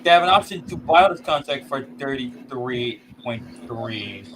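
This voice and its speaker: A man's voice: mid-range voice, expressive, moderate pace, a bit bright. A man co-hosting a casual sports podcast, thinking aloud and restating points to understand them. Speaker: podcast co-host. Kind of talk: casual chat. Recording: noisy room.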